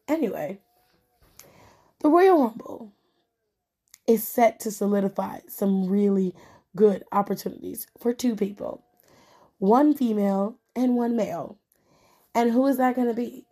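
A woman's voice: medium pitch, moderate pace, warm tone. A woman hosting a wrestling podcast, ranting bluntly and with lots of swearing at her listeners. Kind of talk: casual podcast commentary.

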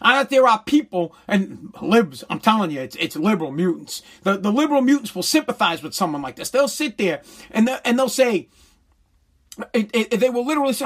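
A man's voice: high-pitched, animated, a little fast, a bit bright. Blunt, swearing man ranting. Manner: blunt, heated and sarcastic, with crude swearing. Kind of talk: profane opinion rant.

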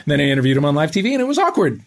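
A man's voice: fairly high pitch, big pitch swings, racing. A man hosting a casual chat, telling his own story with enthusiasm and self-mockery. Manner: enthusiastic, self-mocking, many fillers.

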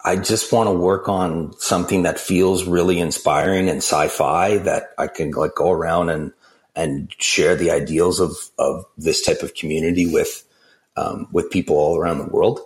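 Deep-voiced man answering with measured pauses. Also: steady tone. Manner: measured, many fillers and restarts. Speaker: guest, crypto project founder. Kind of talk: interview answers.

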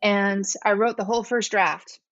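Earnest woman guest talking it through slowly, kinda muffled audio. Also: mid-range voice, fairly even intonation, dry recording. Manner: earnest, reflective storytelling. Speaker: podcast guest. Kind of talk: heartfelt interview talk.

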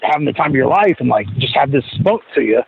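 On a podcast, a male wrestler guest spins a loose, foul-mouthed yarn, his mid-range voice gravelly, slightly rough and quick, as he performs the quoted voices with lots of energy. It's a casual story captured in dull, lo-fi podcast audio.

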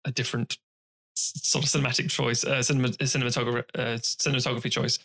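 Speaking quickly in a mid-range voice with vocal fry, this podcast co-host chats about movies in a loose, animated way. He swears freely and performs scenes using silly voices.

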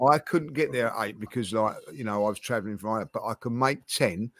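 A man's voice: on the low side, fast talker, no room sound. A man co-hosting a football podcast, telling stories in casual chat with lots of stammering restarts. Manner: animated storytelling, stammering restarts. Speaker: podcast co-host.

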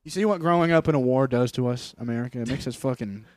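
A man's voice: medium pitch, quick pace, darkish tone, no echo. A man co-hosting a casual podcast chat, joking and swearing crudely. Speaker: podcast co-host.

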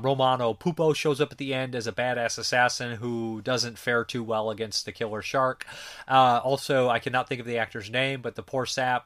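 A man's voice: mid-range voice, a bit bright. A man reviewing films in a casual, rambling way, joking and swearing freely. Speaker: movie reviewer.

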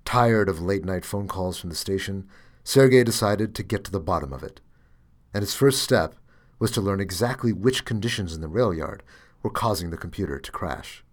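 Man, podcast host, deep voice, thoughtful, reads a story then chats. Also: lively intonation, moderate pace. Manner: thoughtful, with fillers and restarts. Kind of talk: reading a story aloud, then casual commentary.

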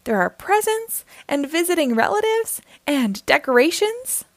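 A woman voicing an excitable little female bird who chirps and gushes in a storybook. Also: high voice, unhurried, no room sound, voice pushed up, full character voice. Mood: excited. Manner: chirpy, gushing.

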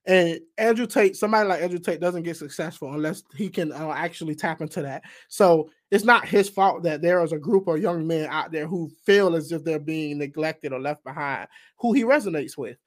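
A man reacting to an interview on a livestream, commenting in an animated way. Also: fairly high pitch, fairly quick. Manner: animated, laughing often. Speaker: streamer reacting to a video.

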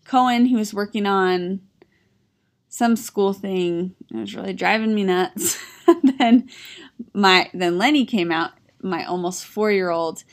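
A woman in her thirties, a podcast co-host, chatting casually and telling a story with frequent laughs. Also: mid-range voice. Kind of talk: casual chat.

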